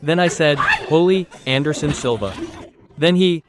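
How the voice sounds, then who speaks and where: Guy doing crude standup bits, kinda high voice, lots of noise behind him. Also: normal speed. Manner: crude, animated storytelling with acted quotes. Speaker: stand-up comedian. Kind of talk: stand-up storytelling.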